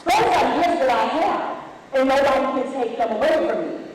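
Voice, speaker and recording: A woman's voice: sits high, expressive, normal speed. A middle-aged woman giving an emphatic, preacherly graduation speech with call-and-response. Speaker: commencement speaker. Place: large indoor event hall. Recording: echoey hall from far off, crowd noise.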